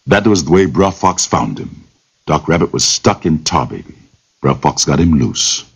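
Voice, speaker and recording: A man's voice: extremely low pitch, vocal fry, husky. A man telling a folktale aloud in a rhythmic, lilting oral style full of repetitions. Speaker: storyteller. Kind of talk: folktale storytelling. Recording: dull lo-fi recording.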